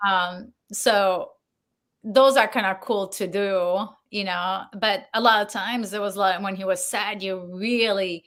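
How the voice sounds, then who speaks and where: A woman Foley artist telling stories as an interview guest, animated and laughing, acting out the voices of the people she quotes. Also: medium pitch, a little slow. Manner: animated, acts out quoted dialogue, laughs often. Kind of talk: casual interview storytelling.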